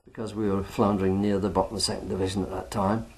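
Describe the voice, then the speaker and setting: Low-voiced older man chatting about football. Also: level tone, very fast, a little mellow. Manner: chatty, peppered with "you know". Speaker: retired footballer. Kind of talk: reminiscing oral history.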